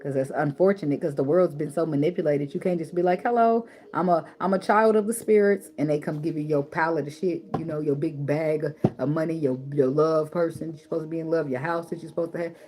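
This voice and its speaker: A woman's voice: low voice, fairly even intonation, fast, hardly any pauses, dark tone. A woman giving tarot advice in a blunt, preachy way, swearing freely and repeating words for emphasis. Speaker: tarot reader. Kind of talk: casual spiritual advice monologue.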